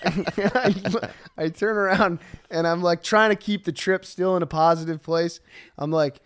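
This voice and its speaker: A man's voice: high-pitched, measured pace, clear, resonant tone. A man co-hosting a podcast, telling a story in casual chat and acting out what people said. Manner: animated, acts out quoted lines. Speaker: podcast co-host.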